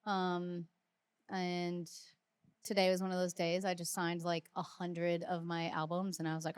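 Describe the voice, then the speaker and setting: A woman's voice: fairly low pitch, monotone, unhurried, clear, resonant tone. A woman in her thirties co-hosting a podcast in casual chat, bubbly and laughing often as she acts out quotes. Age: 30s. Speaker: podcast co-host.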